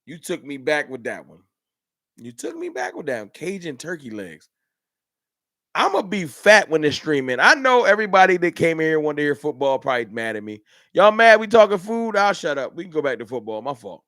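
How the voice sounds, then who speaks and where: A man's voice: a little high, sing-song, brisk, fairly bright tone, no echo, clean studio sound. A man hosting a casual livestream, chatting in a laid-back way and reading out and answering viewer comments. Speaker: livestream host.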